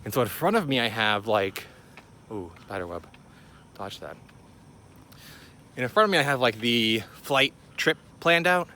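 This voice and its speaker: A young man casually telling a rambling travel story, full of slang and fillers, his voice jumping higher when he recalls panicking. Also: lively intonation, unhurried, pauses often, pushed and bright, slight background noise. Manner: rises in pitch when retelling panic. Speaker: vlogger.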